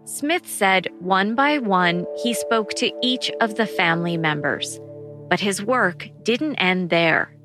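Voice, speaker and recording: A woman narrating a documentary in an even, measured reporting tone. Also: mid-range voice, music in the background. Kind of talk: scripted narration.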